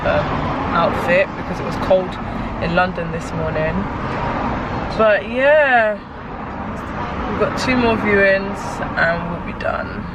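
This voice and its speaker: A woman's voice: lowish voice, heavy background noise. A woman chatting casually to camera on a vlog, with many fillers and restarts. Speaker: vlogger. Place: in a car and touring flats.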